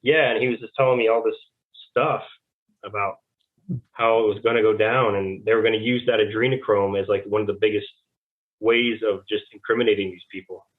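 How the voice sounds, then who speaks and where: A man's voice: on the low side, steady tone, fairly quick. A man giving rambling casual testimony as an interview guest, acting out quoted back-and-forth conversations. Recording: tinny phone-like line.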